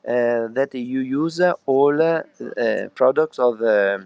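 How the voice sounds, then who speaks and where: A middle-aged man with a strong Italian accent works through his English slowly, filling pauses with "uh" and dropping into Italian words. His voice sits at an ordinary pitch. The sound is dry and close. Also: vocal fry, clear, resonant tone, dry recording, dull audio. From northern Italy. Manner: halting English with many fillers, slipping into Italian. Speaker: chef. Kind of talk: interview over a call.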